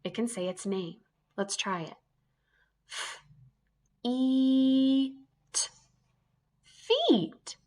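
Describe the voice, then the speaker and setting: A woman's voice: mid-range voice, a little slow, long pauses. A woman teaching an early reading lesson to young children, sounding out letters one by one in an encouraging way.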